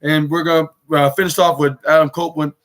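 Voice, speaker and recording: Young man, podcast host, high pitch, casual halting recap, lots of fillers. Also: flat delivery. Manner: halting, many fillers and restarts, acts out quotes loudly.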